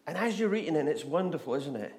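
A man's voice: on the high side, sing-song, quick pace, darkish tone. A man from Scotland, preaching a chatty sermon full of stories and questions to the audience. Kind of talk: sermon with humorous storytelling.

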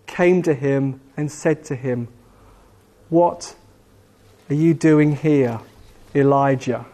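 Guy preaching a sermon real slow with long pauses, mellow relaxed tone. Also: mid-range voice. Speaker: pastor.

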